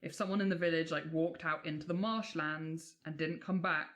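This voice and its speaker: A woman's voice: low voice, fairly even intonation, normal speed, fairly bright tone, highs cut off. Woman, from England, podcast co-host, casual folklore storytelling, chatty, swears freely.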